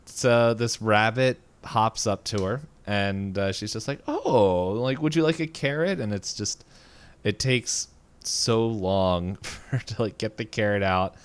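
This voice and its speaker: A man's voice: lowish voice, fairly even intonation, slow pace, clean tone. A man co-hosting a podcast, recapping a cartoon episode in a rambling, casual way with many fillers and frequent chuckles. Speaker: podcast co-host.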